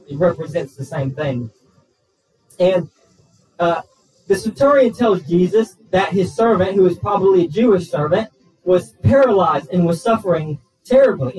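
A pastor preaches in an earnest, halting way, often restarting his sentences. His voice sits high for a man and comes from some distance from the mic. Faint music plays behind him. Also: darkish tone. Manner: earnest preaching with frequent restarts and repeated words. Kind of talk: sermon. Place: church sanctuary.

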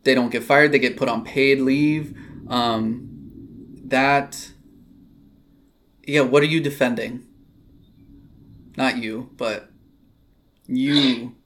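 A man hosting a casual conversation, reflective, with soft backchannels and pointed questions. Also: medium pitch, fairly even intonation, slow pace, long pauses, slight background noise.

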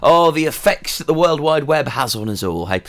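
A man's voice: on the high side, lively intonation, normal speed, fairly bright tone. A man hosting a radio breakfast show, chatting casually and rambling between songs with jokey asides.

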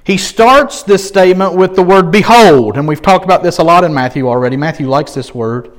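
A man preaching a sermon, expressive, asking rhetorical questions and swinging from quiet asides to emphatic peaks. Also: a little fast. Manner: expressive, rising to emphatic peaks and dropping low. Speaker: pastor.

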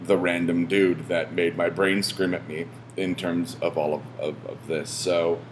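A man hosting a podcast, talking casually in a rambling way, full of fillers and restarts and swearing when he gets animated. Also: low-pitched, a little slow, background noise. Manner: rambling, self-interrupting with many fillers and restarts. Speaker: podcast host.

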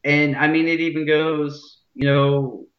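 A man's voice: on the high side, flat delivery, measured pace, roomy sound, lo-fi sound. A man co-hosting a casual podcast chat, talking loosely and hedging with lots of "you know" fillers.

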